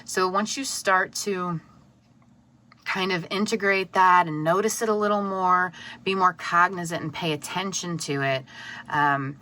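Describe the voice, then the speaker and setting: Bright, earnest woman reading tarot. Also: deep voice. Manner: earnest, soft-spoken, halting with fillers. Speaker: tarot reader. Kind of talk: intuitive tarot reading to camera.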